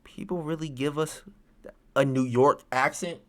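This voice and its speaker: A man from the Chicago area streaming his reactions to a video, joking and teasing with sudden loud outbursts. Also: on the high side, fairly even intonation, a little slow. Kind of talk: casual reaction commentary.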